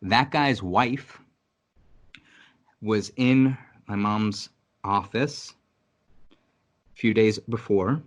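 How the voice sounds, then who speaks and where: A man's voice: on the low side, extremely slow, long pauses. A man from New York City in casual podcast chat, talking bluntly and emphatically with lots of swearing and restarts. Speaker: podcast co-host.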